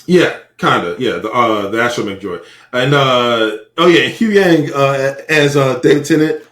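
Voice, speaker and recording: A man co-hosting a podcast in casual chat, with profane, animated banter. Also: mid-range voice, a little slow, reverberant. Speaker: podcast co-host.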